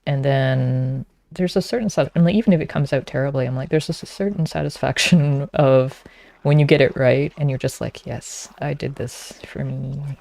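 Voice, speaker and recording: A woman's voice: extremely low pitch, brisk, gravelly, a little mellow, dry recording. A woman streaming a game, chatting casually and teasing her viewers.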